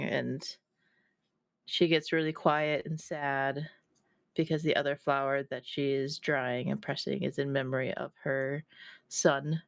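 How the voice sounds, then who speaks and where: A woman playing a tabletop game, describing her character in a thoughtful, hesitant way with many pauses. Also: deep voice, no echo. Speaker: player.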